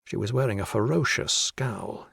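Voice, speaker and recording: Steady male audiobook narrator. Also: lowish voice, vocal fry, slightly rough, no echo, clean studio sound. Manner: steady, measured reading. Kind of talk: scripted narration.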